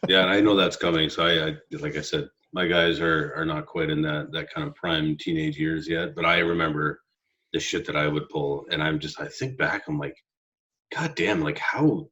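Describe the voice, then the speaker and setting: Very deep-voiced man chatting. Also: fairly bright tone. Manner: candid, casual, swears. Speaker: podcast co-host. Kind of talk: casual chat among friends.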